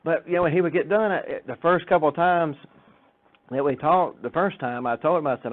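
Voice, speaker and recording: His voice sits fairly high and moves a little fast as he delivers a casual, joking church talk, quoting and playing the people in his tales. The recording sounds tinny and phone-like.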